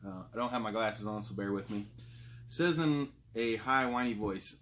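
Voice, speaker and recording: A man's voice: on the low side, normal speed, fairly bright tone, slight background noise. Chatty man hosting a hot sauce vlog. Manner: chatty and rambling, frequent fillers. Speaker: food review show host. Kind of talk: casual vlog talk.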